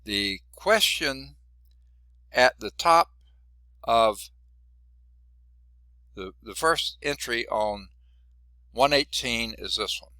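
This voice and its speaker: Male math instructor, folksy lecture delivery, gravelly and bright, dry sound. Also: fairly low pitch, no room sound. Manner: folksy, chatty, asks the class questions. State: losing his voice. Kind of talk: classroom lecture.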